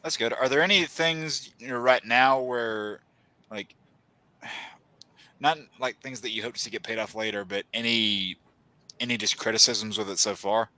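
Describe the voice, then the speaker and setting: A man's voice: mid-range voice, normal speed, bright, forceful tone, no echo. A man co-hosting a live stream, chatting casually and asking questions. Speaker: guest co-host.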